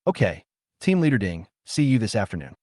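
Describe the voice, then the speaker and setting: A man voicing a polite, gentle young female officer speaking on the phone. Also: lowish voice, sing-song, fairly quick, no room sound, clean studio sound. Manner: polite, respectful. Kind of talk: recap narration with quoted lines.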